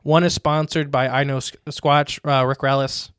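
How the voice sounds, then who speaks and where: Upbeat rambling podcast host, smooth dry voice. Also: male voice, mid-range voice, level tone, moderate pace, fairly bright tone, no echo. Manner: rambling, upbeat show announcements. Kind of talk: casual podcast chat.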